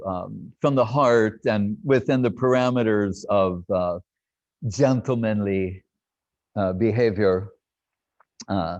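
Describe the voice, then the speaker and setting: An older man reminiscing in a lively storytelling talk, laughing and acting out what others said. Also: mid-range voice, dry recording. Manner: animated, laughing, acts out quotes. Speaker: devotee recounting memories. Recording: dull lo-fi dry sound.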